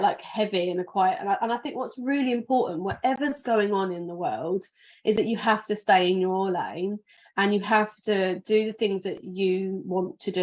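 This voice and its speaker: A woman's voice: mid-range voice, darkish tone, dull audio. A sleepy British woman hosting a podcast, talking in a casual, rambling way and often restarting her sentences. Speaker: podcast host.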